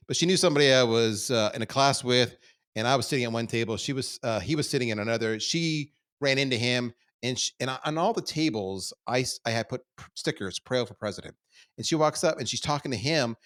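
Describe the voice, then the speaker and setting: A middle-aged man from Canada, a podcast guest, telling stories about his life in a candid, self-deprecating way that swings between quiet asides and loud bursts. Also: mid-range voice. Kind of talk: candid conversational storytelling.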